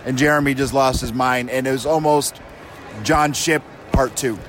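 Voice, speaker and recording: A man who interviews comic creators, telling anecdotes in lively casual chat outdoors at a convention, laughing as he talks. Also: medium pitch, normal speed, slight background noise. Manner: animated storyteller, laughs while talking.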